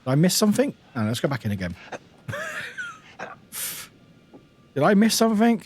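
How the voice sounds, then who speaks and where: Chatty, lively game streamer man. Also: sits high, a little slow, husky. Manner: chatty, swears, laughs often. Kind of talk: casual live-stream commentary.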